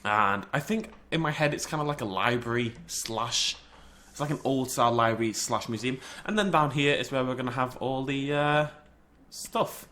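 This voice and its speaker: A young man with a cold, hosting a casual game commentary, chatty and self-mocking, jumping to high yelps when startled. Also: moderate pace, pushed and bright. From United Kingdom. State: has a cold. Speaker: gaming channel host. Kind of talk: casual Minecraft let's play commentary.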